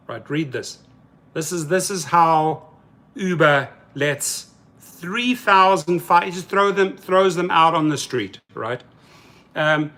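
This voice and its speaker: Hosting a live stream, a man reads viewer comments aloud and reacts in heated, mocking, colloquial terms. His fairly high voice is expressive, bright, and forceful, though he speaks slowly.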